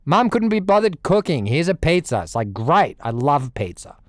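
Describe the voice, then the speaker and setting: A young Australian man chatting casually on a music livestream, rambling, with loud bursts and low mutters. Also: moderate pace, no room sound, studio quality. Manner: animated, rambling, swings between loud outbursts and mutters. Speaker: music streamer.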